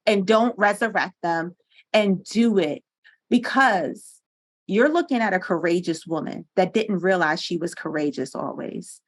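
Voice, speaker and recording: A woman from Pennsylvania sits as a podcast guest and tells personal stories into a studio microphone. Her delivery is animated and earnest, and laughter often breaks into her talk. Her pitch sits in an ordinary middle range. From Pennsylvania, USA. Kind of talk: podcast interview storytelling.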